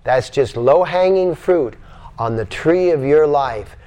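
A man's voice: fairly high pitch, takes it slowly. Older man teaching a spiritual class. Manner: animated, acts out voices and repeats phrases. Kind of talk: spiritual lecture to a live class. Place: yoga center, indoors.

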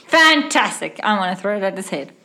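A woman's voice: medium pitch, lively intonation, moderate pace, fairly bright tone, slight background noise. Woman player with a cold. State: has a cold.

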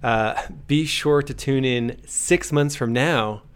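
A man's voice: medium pitch, slow pace, clean tone. A man co-hosting a business podcast in casual, joking banter. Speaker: podcast co-host.

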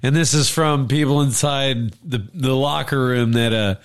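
A man of middle pitch chatting loosely about college football, full of swearing and acted-out quotes. He sounds loose and worked up. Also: normal speed, smooth. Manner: animated, swears freely, acts out quotes. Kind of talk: casual sports chat.

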